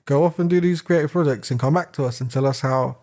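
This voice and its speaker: A man's voice: medium pitch, fast talker, a little mellow. Rambling man on a podcast. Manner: rambling, laughs often, drifts into rants. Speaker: podcast co-host. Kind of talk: casual chat.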